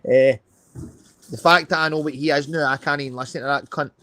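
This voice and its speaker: A Scottish-accented man appears as a guest on a live stream, chatting casually but heatedly, swearing a lot, and tagging lines with "mate" and "know what I mean". His voice is a little high and a bit bright, steady in tone and a little fast, on a dry recording.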